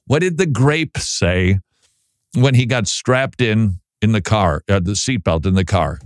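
A man's voice: on the low side, dry recording, clean studio sound. Wry, chatty male talk show host. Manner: chatty, wry, self-deprecating humor. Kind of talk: casual talk show chat.

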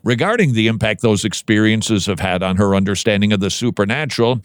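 A man's voice: lowish voice, expressive, brisk, clean tone, no room sound. Earnest man, dry close sound. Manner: earnest, emphatic, preacherly. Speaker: Christian commentary host. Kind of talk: reading news clips and commenting.

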